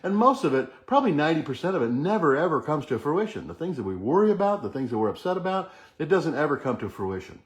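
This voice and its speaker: Speaking fast and sing-song with hardly any pauses, this middle-aged host has a slightly high voice. His motivational talk is earnest, leading listeners through affirmations he repeats again and again.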